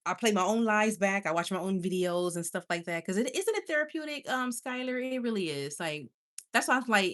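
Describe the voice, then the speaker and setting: A woman's voice: medium pitch, lively intonation, a little fast, a bit bright. A woman hosting a casual livestream, chatty and affectionate, laughing often. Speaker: livestream host.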